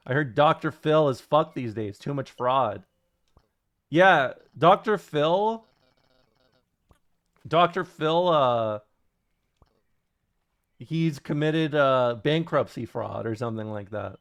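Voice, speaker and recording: A man's voice: a little high, expressive, slow, pauses often, a bit bright. A man streaming a video game, chatting casually and reacting to chat with profane, incredulous jokes. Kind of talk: casual gameplay commentary.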